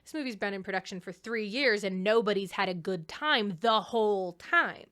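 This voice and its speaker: A young woman talks through a casual commentary video essay in a chatty, animated way. She laughs often between points. Her voice sits at an ordinary middle pitch. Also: moderate pace.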